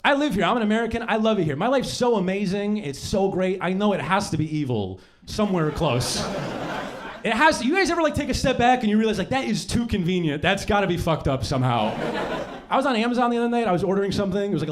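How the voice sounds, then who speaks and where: A young man works a comedy club crowd, his voice riding high and swinging wide as he riffs. The live recording is noisy, and his delivery is profane, with sudden shouted bits. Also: lively intonation, fast talker. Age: young adult. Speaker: stand-up comedian. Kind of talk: stand-up comedy set. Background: audience laughter.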